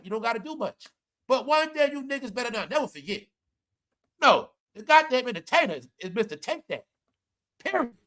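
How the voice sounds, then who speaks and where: A man delivering loud, profane celebrity commentary, scolding his viewers and hammering the same points over and over. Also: very high-pitched. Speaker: commentary vlogger.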